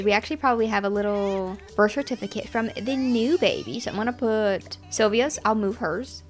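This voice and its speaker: A young woman giving chatty, excitable commentary while playing a life-simulation game, often talking to her characters. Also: mid-range voice, brisk, hardly any pauses, soft background music. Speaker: gaming channel host. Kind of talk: casual gameplay commentary.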